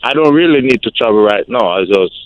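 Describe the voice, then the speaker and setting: Polite guy calling in, halting, dry sound. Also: medium pitch, lively intonation, no echo, muffled recording. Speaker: caller. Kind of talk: phone-in question.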